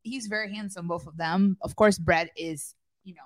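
A woman's voice: fairly low pitch, fairly even intonation, normal speed, no room sound. A young woman co-hosting a casual chat, talking earnestly and chattily, with slips in her grammar. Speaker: co-host.

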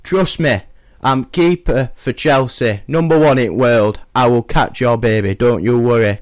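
A man voicing a cocky male goalkeeper with a Yorkshire accent, shouting up loud and boastful. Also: medium pitch, a little slow, dry recording, clean studio sound, lightly acted.

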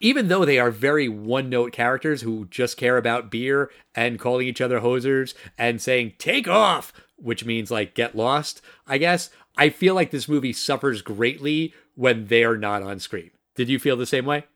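A man from the US hosting a casual film review podcast, speaking in a measured way, explaining things and asking his co-host questions. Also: medium pitch, fairly bright tone.

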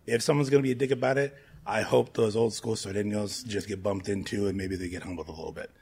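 A man in his thirties, a guest on a casual podcast chat, swearing freely and telling animated stories. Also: fairly low pitch, fast, vocal fry. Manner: profane, animated storyteller who mimics people.

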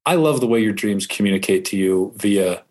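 A man's voice: fairly low pitch, expressive, brisk, a little mellow. A man co-hosting a podcast, speaking in a casual, earnest and supportive way. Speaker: podcast co-host. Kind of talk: casual chat.

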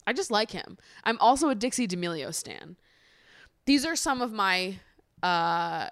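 A woman's voice: on the low side, a bit bright, dry recording, studio quality. A young American woman hosting a casual podcast, chatty and giggly, swearing casually as she talks. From United States. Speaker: podcast host. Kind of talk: casual chat.

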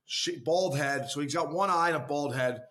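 His pitch is fairly high and his tone a bit bright, delivered at normal speed. A former pro hockey player on a podcast, he chats casually, restarting a lot, swearing loosely, and calling the hosts "boys" and "fella."

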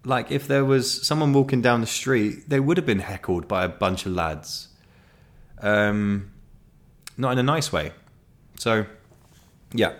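A man's voice: mid-range voice, unhurried, pauses often. A young man talking casually and frankly, swearing often and rambling with restarts as he shares his thoughts. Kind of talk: casual monologue.

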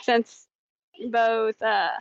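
A woman playing a tabletop role-playing game, giggly, swearing and thinking out loud. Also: on the high side, little pitch movement, extremely slow, smooth, no echo, muffled recording. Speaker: player. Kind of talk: casual tabletop game play.

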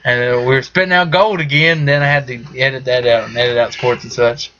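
A man's voice: mid-range voice, steady tone, fast talker, bright, forceful tone. A man hosting a casual podcast, who rambles, jokes, and trails off with fillers. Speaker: podcast host. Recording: slightly muffled podcast audio, faint noise.

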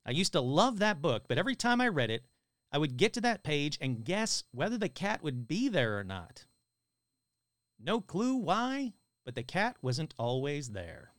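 A man's voice: fairly high pitch, moderate pace, no echo, studio quality. A man hosting a live stream, reading listener stories aloud and cracking jokes between them. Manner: animated, joking asides between stories.

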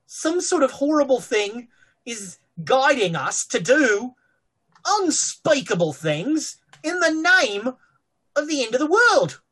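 Woman doing a husky undead sorcerer for a tabletop game, offhand and rambling, lively pitch. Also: heavily acted. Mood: musing. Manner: rambling, offhand, many fillers.

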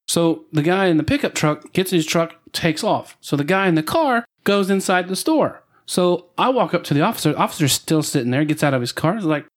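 A man's voice: fairly high pitch, expressive, brisk, hardly any pauses. Rambling, laughing podcast storyteller man. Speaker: podcast co-host. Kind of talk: casual podcast banter.

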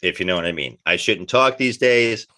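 A middle-aged man, telling animated anecdotes in an interview and acting out the dialogue he quotes. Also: fairly low pitch, normal speed. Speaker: actor guest. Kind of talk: casual interview storytelling.

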